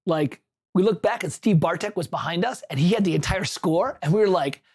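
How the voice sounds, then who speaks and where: A man's voice: sits high, lively intonation, fairly quick, a little mellow, breathy edge. A man hosting a livestream, chatting casually, telling a rambling anecdote with self-corrections and answering viewers' chat.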